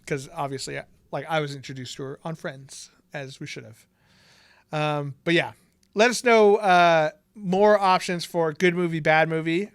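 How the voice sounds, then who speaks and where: A man co-hosting a podcast in easygoing chat, his voice smooth and fairly high for a man. He laughs often and leans on ums and uhs. The sound is dry and close. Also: a bit bright, dry recording. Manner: laid-back, laughs often, many fillers. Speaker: podcast co-host. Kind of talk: casual chat.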